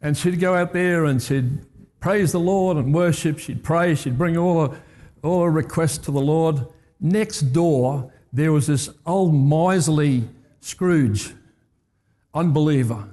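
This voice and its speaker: A male pastor preaches in a church, telling a story with animated emphasis. His voice sits slightly high and he drives home his points by repeating phrases. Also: takes it slowly. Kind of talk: sermon storytelling. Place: church hall.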